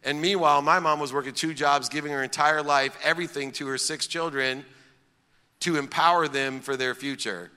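A middle-aged man from Ohio recounts a personal story in an emphatic speaker's style, stacking his points in repeated lists. His voice is bright and forceful. It carries a long reverb. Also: fairly high pitch, steady tone, normal speed, clean tone. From Akron, Ohio, US. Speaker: public speaker.

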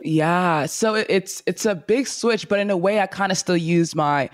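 A woman's voice: lowish voice, moderate pace, no echo. Upbeat young woman telling her story, dry sound. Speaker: content creator guest. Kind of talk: podcast interview storytelling.

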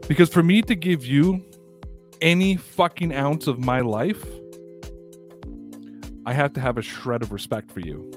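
A man's voice: medium pitch, unhurried, long pauses, soft background music. A man hosting a casual sports podcast, ranting in a heated, emphatic way and swearing often. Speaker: podcast host.

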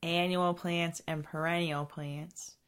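A woman's voice: lowish voice, level tone, slow. A woman co-hosting a podcast in casual chat, playful and teasing. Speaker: podcast co-host.

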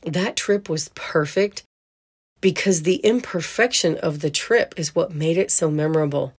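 A woman's voice: deep voice, a little slow, breathy edge. A woman hosting a podcast, telling a story in a chatty way and laughing as she goes. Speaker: podcast host. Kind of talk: casual storytelling monologue.

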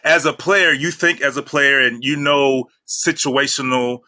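Man, co-host, casual sports talk, easygoing questions, very bright, sharp tone. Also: mid-range voice, measured pace. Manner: easygoing, asks the guest questions, lots of fillers. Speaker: co-host, former basketball player.

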